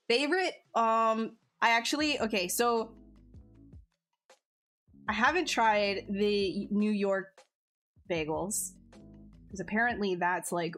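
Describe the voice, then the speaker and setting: A woman streamer, bubbly and talkative, casually chats with her viewers in live chat, laughing often and restarting her sentences. Her mid-range voice is fairly bright with fairly even intonation, and she's unhurried with long pauses; faint music plays behind her.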